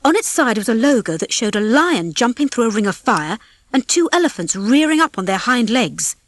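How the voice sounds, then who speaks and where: A woman's voice: on the high side, big pitch swings, moderate pace, dry recording, studio quality. Woman reading a children's story aloud. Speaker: audiobook reader. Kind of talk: scripted narration.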